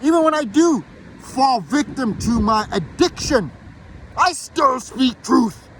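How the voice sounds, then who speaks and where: A man's voice: extremely high pitch, animated, slow, a bit bright, slight background noise. A man from Canada delivering a heated, profane, defiant rant to camera outdoors. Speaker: video blogger. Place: outdoors in a built-up area.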